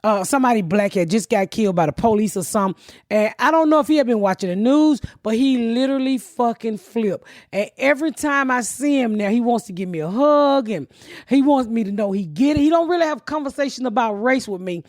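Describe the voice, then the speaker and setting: A woman's voice: on the high side, expressive, brisk, darkish tone, no echo, studio quality. Blunt, profane woman podcast host. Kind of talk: casual podcast chat.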